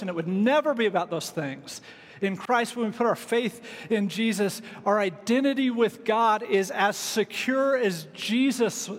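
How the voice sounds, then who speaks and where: A man preaches to his congregation in an easygoing, chatty manner, tossing in casual asides. His voice sits high for a man. The sound carries the long reverb of a large church sanctuary. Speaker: pastor. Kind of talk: sermon.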